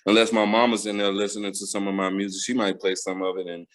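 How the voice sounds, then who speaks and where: A man's voice: on the low side, level tone, fast talker, a bit bright. A middle-aged man, chatting playfully as an interview guest, laughing often and using many fillers. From United States. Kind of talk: casual interview chat.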